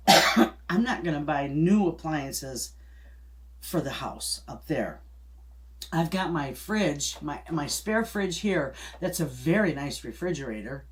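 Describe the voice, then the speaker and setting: This middle-aged homestead channel host has a deep voice and tells a story in a casual, folksy way. She rambles a bit, restarting sentences and chuckling softly along the way.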